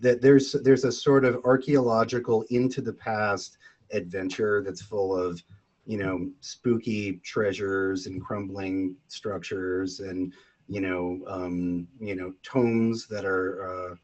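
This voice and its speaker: A man who is an astrologer, chatting casually on a podcast with a dry, deadpan delivery. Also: fairly low pitch, highs cut off. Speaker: astrologer co-host. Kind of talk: casual chat.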